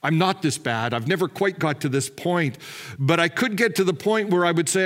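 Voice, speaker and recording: A man delivering a sermon as pastor, candid and measured, slowing and dropping his voice on key words. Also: fairly high pitch, expressive, a bit bright. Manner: candid, self-deprecating asides with light laughs.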